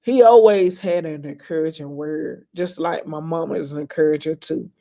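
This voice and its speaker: A woman's voice: low-pitched, normal speed, mellow. A woman in her thirties, an inspirational vlogger, chatting casually and emotionally with her viewers. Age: 30s. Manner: chatty, calls viewers "y'all" and "honey"; emotional, reminiscing.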